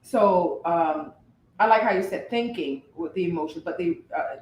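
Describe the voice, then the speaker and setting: A woman who works as a therapist, co-hosting a casual podcast, talking in an animated and thoughtful way and sometimes searching for her words. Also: on the low side, moderate pace, slight background noise. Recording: roomy echo.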